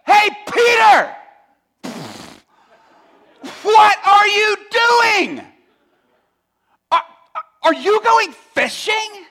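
A man voicing fishermen on shore who shout taunts across the water. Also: very high-pitched, lively intonation, very slow, very noisy, pitched above the performer's own voice, exaggerated voice. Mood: mocking. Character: jeering fishermen on shore, mocking.

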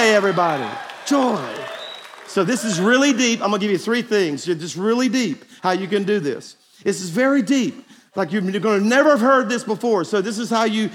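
A pastor with a high-pitched, slightly bright voice preaches a folksy, joking sermon to a conference crowd in a large hall with a live audience. Long hall reverb surrounds him, along with faint crowd and noise.

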